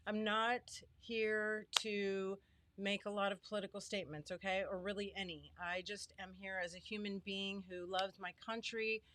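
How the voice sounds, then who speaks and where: A woman's voice: medium pitch, a bit bright, no room sound. A middle-aged woman hosting a live stream from her home studio, greeting viewers by name in a chatty, heartfelt way. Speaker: livestream host and small business owner. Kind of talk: casual live stream chat.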